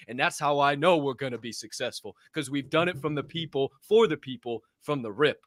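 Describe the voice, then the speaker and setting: A man co-hosting a podcast, ranting with passion and lots of swearing, his voice swinging from loud bursts to low mutters. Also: fairly quick, hardly any pauses, dry recording, clean studio sound. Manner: profane, heated, swings loud and soft. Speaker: podcast co-host. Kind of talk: fired-up motivational rant.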